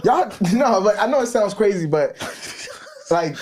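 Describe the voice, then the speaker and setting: A man's voice: high-pitched, lively intonation, unhurried, darkish tone. A man from Minnesota, co-hosting a podcast with candid, rambling banter and laughter. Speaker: podcast co-host.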